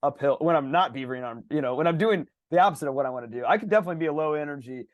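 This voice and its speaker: Brief: upbeat man in casual podcast chat, slightly high voice, dry close mic. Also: racing, dry recording, dull audio. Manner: energetic, animated storytelling with laughs. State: slightly sick. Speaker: podcast co-host.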